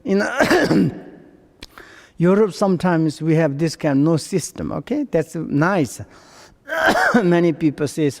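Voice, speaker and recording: A man's voice: fairly high pitch, very animated, slow pace, creaky, pauses often. A man from Tibet with a Tibetan accent, giving a Buddhist teaching in broken English and telling stories with acted dialogue. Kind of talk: dharma teaching. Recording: long reverb in a large room.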